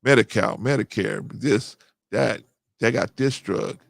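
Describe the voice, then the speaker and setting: A middle-aged man, hosting a casual livestream, reading chat and getting animated as he agrees. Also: a little slow, gravelly, no room sound. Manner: animated, rising to excited high pitch when agreeing. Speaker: host.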